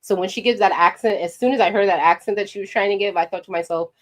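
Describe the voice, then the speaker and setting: A woman's voice: mid-range voice, quick pace. Sassy New woman giving her opinion. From New York. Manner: animated, sassy, direct address to viewers. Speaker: commentary vlogger. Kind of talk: opinionated commentary to camera.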